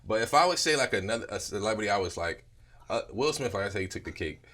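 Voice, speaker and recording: A young man from Philadelphia talks as an interview guest in a low, bright, forward voice. He tells stories with energy, acts out what other people said, and swears casually. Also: quick pace. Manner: animated storyteller, acts out quotes, swears freely. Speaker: guest, dessert business owner.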